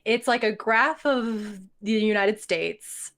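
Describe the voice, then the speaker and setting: A young woman from Ontario, Canada, co-hosting a podcast in casual chat, animated and laughing often. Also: medium pitch, takes it slowly. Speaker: podcast co-host.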